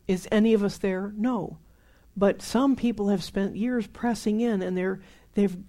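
Mellow-voiced older woman preaching. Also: medium pitch. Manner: conversational, emphatic, repeats herself for stress. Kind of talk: sermon.

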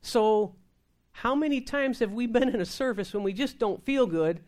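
A woman's voice: a little high, moderate pace. Woman ministry speaker, storytelling testimony, voices the quotes. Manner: lively, acts out dialogue in quoted voices.

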